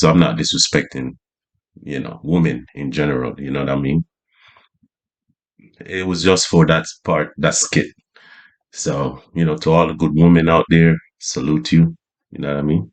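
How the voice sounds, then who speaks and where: Laid-back man rambling in slang. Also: sits low. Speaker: vlogger. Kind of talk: casual monologue.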